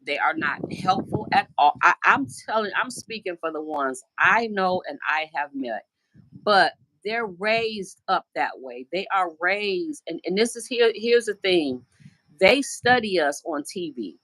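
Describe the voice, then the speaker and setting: Low-voiced American woman chatting on a live stream. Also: lively intonation, a little slow, fairly bright tone, no echo. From United States. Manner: chatty, rambling storyteller who acts out quoted voices. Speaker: livestream host. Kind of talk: casual live-stream chat. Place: at home indoors. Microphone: phone.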